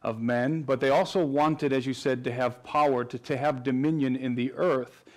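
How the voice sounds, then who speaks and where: A man's voice: mid-range voice, steady tone, normal speed. A man answering interview questions at length in an earnest, explanatory way, often restarting his phrases. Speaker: guest researcher.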